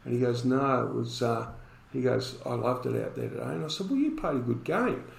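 A man's voice: mid-range voice, animated, a little fast, creaky, roomy sound, a little hiss or hum, rough recording. A man, a podcast guest telling a story and acting out the dialogue in it.

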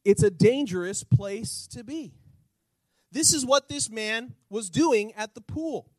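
A man pastor preaching a sermon, animated, asking the congregation rhetorical questions and acting out little scenes. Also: very high voice, slow, no room sound, poor audio.

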